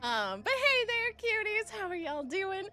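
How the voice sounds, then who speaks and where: A woman's voice: very high voice, big pitch swings, unhurried, pushed and bright. A woman live-streaming, bubbly and affectionate, greeting her chat by name with pet names and sometimes talking while eating. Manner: chews food while talking. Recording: faint music behind.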